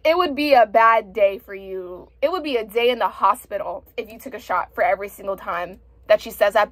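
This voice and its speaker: A woman's voice: on the high side, fairly bright tone, dry recording. A young woman reviewing a book in a casual vlog, ranting with exasperation and frequent swearing.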